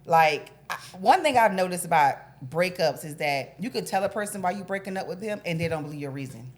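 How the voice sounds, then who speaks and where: Blunt woman co-host, lowish voice. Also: animated. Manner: blunt, quick to agree. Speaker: podcast co-host. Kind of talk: casual chat.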